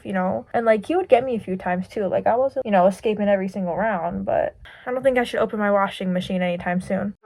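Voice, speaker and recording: A woman's voice: mid-range voice, brisk, darkish tone, no room sound. Giggly young woman chatting, dry sound. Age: young adult. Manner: chatty, giggly, filler-heavy "like". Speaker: vlogger. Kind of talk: casual storytelling chat. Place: at home doing makeup.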